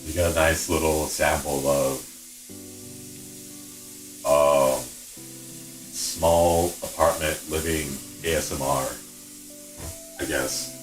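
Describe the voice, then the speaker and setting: A man's voice: a bass voice, flat delivery, takes it slowly, pauses often, soft background music. A man with a stuffy nose, chatting playfully and rambling on a casual stream from a small city apartment.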